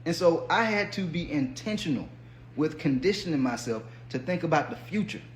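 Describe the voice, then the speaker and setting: A man with a high, light voice talks bluntly about discipline, swearing freely and acting out the doubts in people's heads. The room rings with a noticeable echo, and a faint hum sits underneath. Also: expressive, moderate pace. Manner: blunt, profane, colloquial, acts out inner voices. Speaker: podcast host and fitness coach. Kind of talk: motivational monologue.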